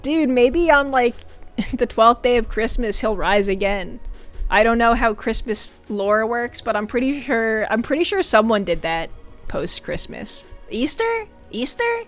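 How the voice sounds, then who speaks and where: Young female streamer, bright animated storyteller, high-ish voice over faint background music. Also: measured pace. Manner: animated, laughs often, sudden high squeals and shouts. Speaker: VTuber streamer. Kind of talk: casual storytelling chat with viewers.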